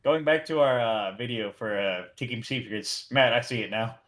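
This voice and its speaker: A man's voice: mid-range voice, moderate pace, a bit bright. A man co-hosting a reaction video over a call, chatting casually and laughing easily. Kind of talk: casual chat.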